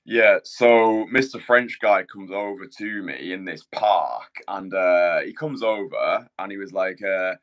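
A man's voice: deep voice, a little slow, hardly any pauses, fairly bright tone. A man hosting a podcast as a dating coach, talking bluntly in casual chat, swearing and restarting his sentences.

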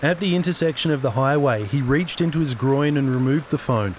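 A man narrating his own novel-length audio story in a steady, scripted reading. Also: mid-range voice, fairly quick, slight background noise. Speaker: narrator and author.

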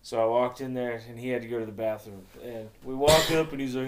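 A man's voice: medium pitch, fairly even intonation, quick pace, few pauses, slight background noise. A man chatting casually on a podcast with friends, telling a story in an easygoing way and laughing along. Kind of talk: casual crude chat among friends.

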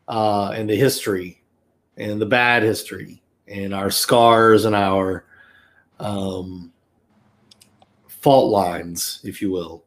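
A man with a Southern American accent hosting a podcast, talking casually with many fillers and digressions. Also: fairly low pitch. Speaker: podcast host. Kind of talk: casual chat.

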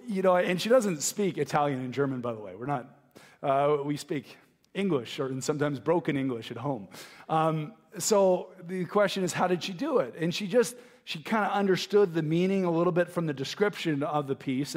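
A middle-aged man preaches in an earnest, reflective way, stumbling through restarts and fillers as he works through his thoughts. His voice sits a little high for a man. The sound carries the long reverb of a large hall. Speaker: pastor. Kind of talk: sermon.

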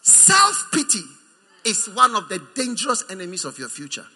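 A man with a Ghanaian accent preaching a sermon, animated, teasing and emphatic. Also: high-pitched, fast talker, soft background music. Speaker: pastor.

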